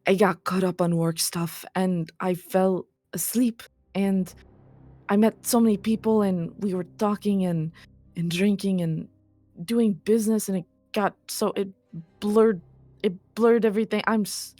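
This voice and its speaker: A woman's voice: medium pitch, fairly even intonation, moderate pace, warm tone, dry recording, faint music behind, natural voice. A woman voicing a groggy young nobleman who rambles and stumbles over his apologies. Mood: groveling. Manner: stammering, groveling apologies.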